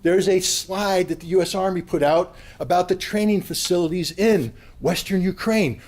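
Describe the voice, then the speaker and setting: High-voiced man giving a fiery speech. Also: moderate pace, few pauses. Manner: blunt, combative, rising to yelling. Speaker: convention speaker. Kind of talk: impassioned political speech. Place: convention hall.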